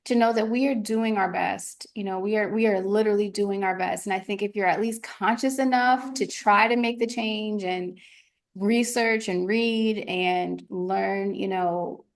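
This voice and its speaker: A woman's voice: mid-range voice, steady tone, measured pace. A woman in her thirties hosting a podcast interview, chatty and loose, laughing often. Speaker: podcast host. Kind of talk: casual conversational interview.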